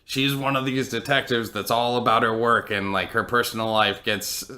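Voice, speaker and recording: A man's voice: mid-range voice, little pitch movement, normal speed, a crowd in the background. A man co-hosting a casual podcast, recapping a TV episode in a rambling way with lots of fillers and laughs. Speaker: podcast co-host.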